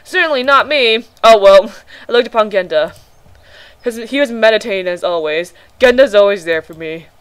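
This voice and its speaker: A woman playing a visual novel, reading it aloud on a desk microphone and reacting excitably, swearing and laughing. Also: a little high, a little fast, clean tone. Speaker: let's play gamer.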